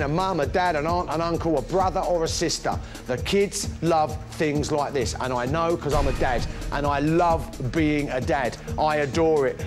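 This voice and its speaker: A British man presenting a shopping channel demonstration, chatty and enthusiastic, full of anecdotes. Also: a little high. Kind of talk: live product demonstration sales pitch.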